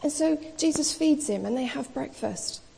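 Woman preacher, high mellow voice, casual storytelling sermon, reverberant hall. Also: expressive, moderate pace, creaky. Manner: storytelling, acts out quoted dialogue in casual speech.

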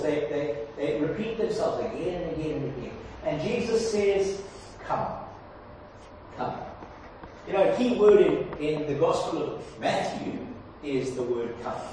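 A man preaching a sermon, who rises to loud, impassioned cries when quoting scripture. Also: fairly high pitch, a little hiss or hum. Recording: distant mic in an echoey hall.

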